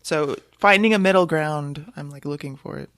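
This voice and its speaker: A woman's voice: low-pitched, normal speed, no echo, clean studio sound. A woman co-hosting a podcast in casual chat, self-conscious and laughing as she talks. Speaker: podcast co-host.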